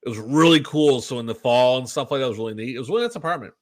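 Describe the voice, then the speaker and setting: A Canadian man co-hosts a podcast, chatting casually in an animated way with plenty of swearing. He has a mid-range voice, speaks at a racing pace, and acts out little exchanges using quoted voices.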